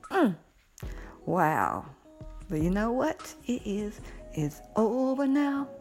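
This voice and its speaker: A woman's voice: mid-range voice, slow, soft background music. A middle-aged woman in a casual monologue, giddy and blunt, cursing freely and laughing often. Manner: giddy, animated, swearing freely, frequent laughter. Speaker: vlogger.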